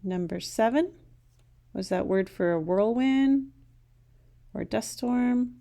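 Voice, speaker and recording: A woman's voice: mid-range voice, normal speed, creaky, mellow. A woman teaching a recorded language lesson, patiently saying each word twice.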